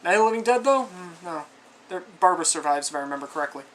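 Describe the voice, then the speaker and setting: Pitched high, expressive and racing, his voice is a bit bright as he reviews a film. The man, a movie reviewer, sounds exasperated and sarcastic, chatting loosely and breaking off into frequent asides.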